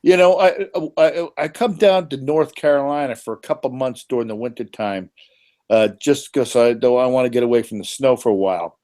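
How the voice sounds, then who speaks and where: Profane New man, animated. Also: mid-range voice, fairly quick. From New York. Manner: animated, profane, frequent restarts. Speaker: panelist. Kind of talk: casual chat.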